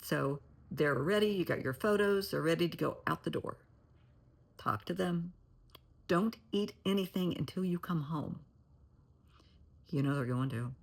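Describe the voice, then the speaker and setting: A middle-aged woman with a low, gravelly voice and a husky, breathy edge, talking straight to camera as a therapist. She gives earnest, cautionary advice and often sinks to a near-whisper to press a point. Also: lively intonation, unhurried, long pauses. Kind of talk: direct-to-camera advice talk.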